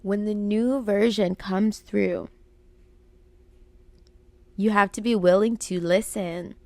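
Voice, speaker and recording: A woman's voice: medium pitch, dry recording. A young adult woman hosting a podcast, giving an earnest, repetitive motivational talk on intuition and acting out her inner voices. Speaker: podcast host and life coach. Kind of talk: motivational spiritual monologue.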